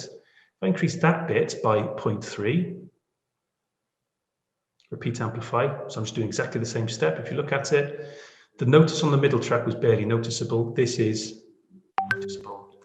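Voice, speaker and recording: Man, podcast tutor, self-deprecating, keeps asking "okay?"; roomy echo. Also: mid-range voice. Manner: chatty and self-deprecating, checks in with "okay?" and "yeah?". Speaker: podcast lead teaching audio editing. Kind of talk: screen-share editing tutorial. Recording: echoey room.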